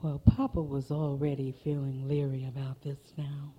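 A woman telling a joke as a story in a hushed, slow narration. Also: extremely low pitch, flat delivery, slightly rough. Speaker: joke teller.

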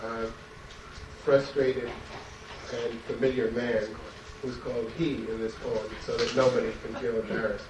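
A man's voice: medium pitch, level tone, unhurried. A man giving a live poetry reading, chanting his lines rhythmically with wry asides between poems. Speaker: poet. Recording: echoey room, distant mic, background noise.

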